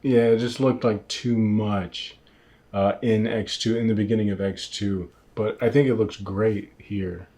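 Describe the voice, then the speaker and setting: A man's voice: on the low side, steady tone, unhurried, mellow. A man co-hosting a casual film podcast over a video call, laid-back and rambling, with many fillers. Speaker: podcast co-host.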